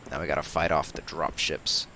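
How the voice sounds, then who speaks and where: A man's voice: very deep voice, flat delivery, brisk. A man giving casual, rambling commentary while playing a video game, swearing freely as he goes. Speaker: let's play host. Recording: game audio noise behind.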